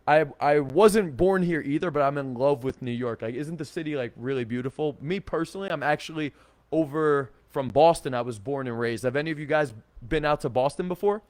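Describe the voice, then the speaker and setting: A man doing a loud, chummy bar guy. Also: on the high side, brisk, dry recording, close to an everyday voice. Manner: loud, upbeat, casual slang. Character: friendly loud young guy approaching a group.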